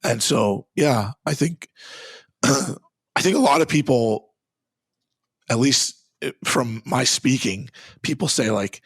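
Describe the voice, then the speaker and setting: A man's voice: medium pitch, expressive, takes it slowly, pauses often, husky, no room sound. A man, a guest on an interview show, earnestly recounting an exorcism he took part in, in a conversational storytelling manner with frequent restarts.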